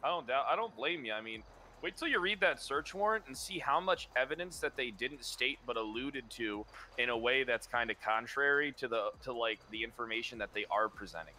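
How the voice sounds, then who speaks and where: A man's voice: medium pitch, animated, brisk, bright, forceful tone, slight background noise. A man talking in character over voice chat, rambling and restarting his sentences as he explains his case. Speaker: roleplay character under investigation.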